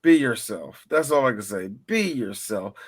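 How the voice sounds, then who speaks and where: A man's voice: lowish voice, animated, moderate pace, slightly rough. A man co-hosting a podcast, giving earnest, blunt advice in casual chat. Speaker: podcast co-host.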